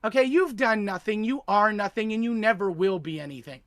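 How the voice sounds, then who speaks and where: A man's voice: high voice, brisk, fairly bright tone, no room sound, studio quality. A man ranting profanely on a livestream panel, sneering and mocking the person he is angry at. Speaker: tech streamer on a panel. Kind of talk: livestream rant.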